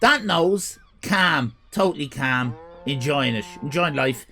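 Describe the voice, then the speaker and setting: An Irish man hosting a live stream, chatting casually with viewers, swearing and joking in animated rants. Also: fairly high pitch, slow, hardly any pauses, soft background music. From Ireland. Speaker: livestream host.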